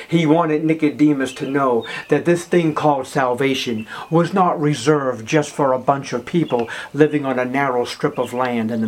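A man preaching a sermon, emphatic, swinging from loud declarations to hushed, slow words. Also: medium pitch, a little hiss or hum.

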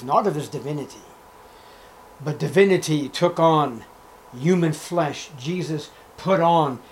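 A man delivering a sermon with a voice pitched a bit above most men's. He declaims scripture loudly, then drops to a hushed, intimate tone. Faint insect buzz hums behind him. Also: slight background noise, rough recording. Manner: emphatic, swings between loud declaiming and hushed asides; reads scripture in old-fashioned biblical wording. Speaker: preacher.

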